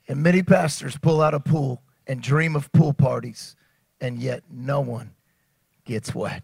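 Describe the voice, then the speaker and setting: A man preaching a sermon, animated, often stammering and restarting, sometimes rising to shouts. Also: mid-range voice, unhurried, creaky, breathy edge, no room sound. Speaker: pastor.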